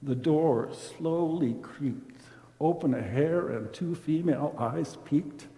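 Slow, warm male storyteller. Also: on the high side. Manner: expressive, dramatic swings in loudness. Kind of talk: rhyming storybook narration. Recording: roomy with long reverb.

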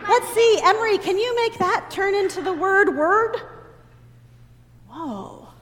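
A woman leading a children's sermon in a church sanctuary, talking in an animated, teacherly way and having the children repeat lines after her. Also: extremely high pitch, slow. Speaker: children's message leader. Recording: long reverb in a big church hall, faint ambient noise.

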